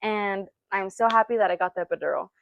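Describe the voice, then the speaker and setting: A woman's voice: medium pitch, fast, gravelly, highs cut off, slight background noise. A young woman co-hosting a casual podcast chat, telling a personal story with frequent laughter and quoted voices. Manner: chatty, laughs often, acts out quotes. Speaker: podcast co-host.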